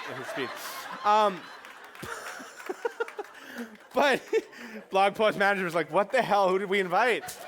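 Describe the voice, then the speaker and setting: A New York man with a high-pitched, sharp voice gives a comedic keynote to a conference audience. He's fast, brash, joking and profane, acting out quotes as he goes, with slight background noise in the recording.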